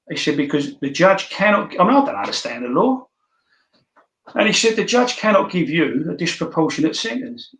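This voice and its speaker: A man's voice: a little high, very animated, fairly quick, fairly bright tone. A man, a podcast guest, telling blunt, swearing anecdotes in casual storytelling. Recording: roomy echo.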